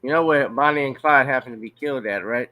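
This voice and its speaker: A man's voice: medium pitch, bright, forceful tone, no room sound. Blunt profane man from Louisiana. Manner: blunt, profane, drawn-out emphasis. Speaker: news commentator. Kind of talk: casual news reaction commentary.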